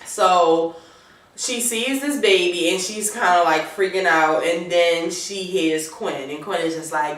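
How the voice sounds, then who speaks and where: A woman's voice: lowish voice, a little slow. Profane woman recapping drama, echoey room. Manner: animated retelling, acts out characters' lines, profane. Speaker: recap host. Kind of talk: casual TV recap chat. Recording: echoey room, mic far off.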